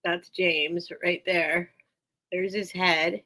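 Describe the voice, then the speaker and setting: Bright, chatty woman live-streaming. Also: lowish voice, steady tone, very slow, pauses often, rough recording. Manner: chatty and rambling, laughs often, repeats herself. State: unwell, recovering from illness. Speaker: online seller hosting a live sale. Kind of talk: casual live-stream chat.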